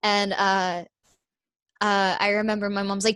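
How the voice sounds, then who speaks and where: A young woman talks in a casual, excited way, with plenty of ums and quick restarts. Her voice sits at an ordinary pitch for a woman. It is recorded close and dry in a small room over a video call. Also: smooth, no echo. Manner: excited, chatty, full of fillers. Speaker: guest, stage actress. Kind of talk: casual chat.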